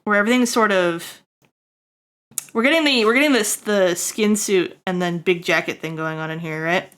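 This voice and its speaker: A woman streamer giving a casual character design critique, rambling with lots of fillers and checking in with "right?". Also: moderate pace. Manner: jokey asides to chat, bursts high and loud.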